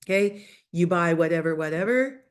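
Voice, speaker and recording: A woman teaching a lively online language lesson, coaching students through phrases over a video call. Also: lowish voice, normal speed. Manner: lively, coaching, switches between English and Spanish phrases. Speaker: Spanish teacher.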